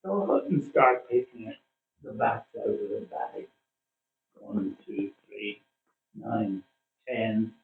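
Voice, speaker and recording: An older man from Ireland, a former cricketer, reminiscing in a casual interview, telling his stories with plenty of "uh" pauses. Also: lowish voice, sing-song, creaky, a little hiss or hum. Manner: chatty storyteller with frequent "uh" pauses. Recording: distant, phone-like, roomy sound.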